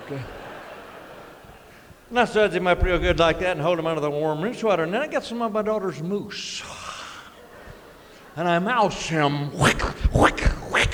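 A middle-aged man spins a comic yarn in a drawling, deadpan way. His voice sits a little high. It carries the long reverb of a live hall over faint ambience. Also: a little hiss or hum. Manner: drawling, deadpan, with sound effects and chuckles. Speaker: storyteller. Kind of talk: folksy comic storytelling.

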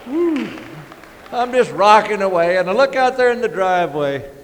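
A man's voice: sits high, moderate pace, a faint crowd, a little hiss or hum. Folksy male storyteller, hall reverb. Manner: drawling, deadpan, with sound effects and chuckles. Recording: live hall reverb, faint ambience.

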